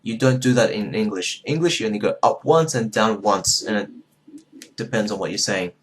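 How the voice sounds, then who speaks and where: A man from southern Vietnam giving a casual video lesson as a language teacher, talking loosely with many fillers and swinging his pitch up and down to show tones. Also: moderate pace, a little hiss or hum.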